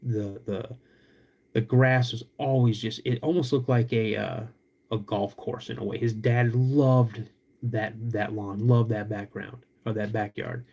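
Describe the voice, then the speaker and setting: A young man, hosting a podcast and telling a story in an animated, drawn-out way with sudden loud bursts. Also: fairly low pitch, vocal fry. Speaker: podcast host.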